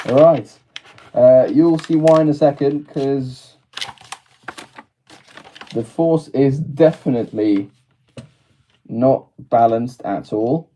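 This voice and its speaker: A man's voice: medium pitch, slow, long pauses, dark tone. A British man chatting casually on a live stream, laughing often and answering his chat as he goes.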